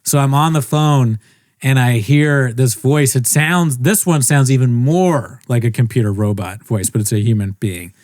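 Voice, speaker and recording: Brief: young male podcast co-host, casual storyteller, mid pitch, dead-dry mic. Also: normal speed, no echo. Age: young adult. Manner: rambling, animated, mimics others' voices.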